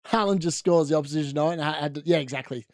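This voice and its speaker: A man's voice: fairly high pitch, rapid-fire, dry recording, studio quality. A young man hosting a casual live football watchalong from a room at home, chatting and rambling as he reacts to the match. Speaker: watchalong host.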